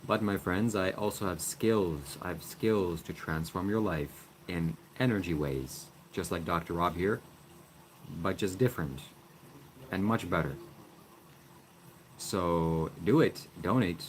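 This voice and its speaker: Man, very low voice, sly mock-spiritual pitch, faint background noise. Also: unhurried. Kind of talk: comedic livestream, mock donation pitch.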